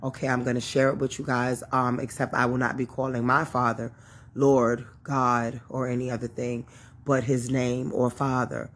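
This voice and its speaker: A woman's voice: extremely low pitch, flat delivery, normal speed. A woman reading a Bible chapter aloud and teaching, with chatty, informal asides and many fillers. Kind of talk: casual scripture reading and teaching.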